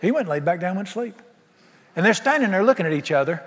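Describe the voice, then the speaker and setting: A male pastor with a fairly bright voice, a little high for a man, preaches animatedly at a quick pace. He keeps peppering the crowd with questions in a folksy, exuberant sermon that echoes with a long reverb through the church hall.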